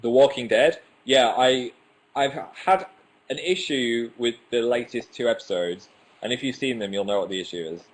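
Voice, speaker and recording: A man's voice: mid-range voice, normal speed. A young man hosting a casual livestream, chatting and reading out viewer comments, self-mocking and tripping over his words now and then. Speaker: livestream host. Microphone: webcam.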